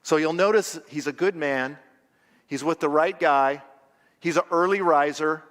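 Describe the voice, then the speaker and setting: A male pastor with a notably high voice delivers a lively, dramatized sermon from a church stage. His words ring out with a long reverb off the hall around him. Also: unhurried. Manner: animated storytelling preacher, acting out scenes. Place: church auditorium.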